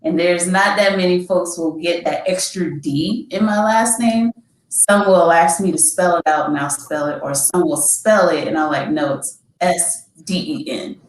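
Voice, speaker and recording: A woman panelist in casual conversation, talking in a slow, measured way. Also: fairly low pitch, reverberant, rough recording.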